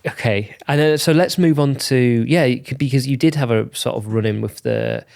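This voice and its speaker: A man interviewing a guest, soft-spoken and agreeing often with murmurs. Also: medium pitch, normal speed, vocal fry. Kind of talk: interview questions.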